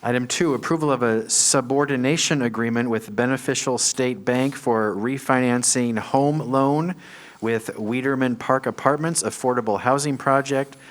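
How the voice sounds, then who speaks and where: A man serving as county administrator, reading agenda items aloud in a brisk, formal way at a public meeting. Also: medium pitch.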